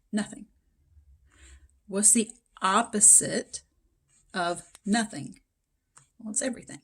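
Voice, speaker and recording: A woman, a math instructor giving a recorded lecture, her voice a little hoarse and froggy, chatty and explanatory with plenty of fillers. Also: medium pitch.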